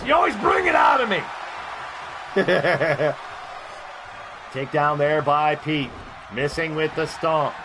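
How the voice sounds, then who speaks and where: A man calling play-by-play on a wrestling video game for a live stream, rowdy and profane and often breaking into shouts while greeting his chat. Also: high voice, noisy background.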